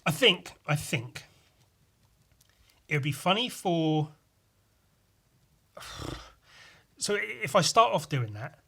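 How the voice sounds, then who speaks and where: A man's voice: fairly high pitch, big pitch swings, slow, creaky, long pauses, pushed and bright, slightly rough. A young man hosting a solo podcast, rambling in a meandering way with lots of swearing. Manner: meandering, full of fillers and swearing. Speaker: podcast host.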